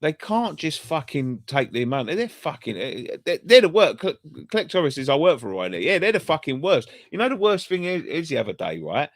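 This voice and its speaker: A man's voice: fairly high pitch, sing-song, fairly quick, hardly any pauses, dry recording. Male fan-channel presenter, casual pub-chat storyteller, heavy swearing, dry close recording. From England. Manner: sweary storytelling, rambling with restarts.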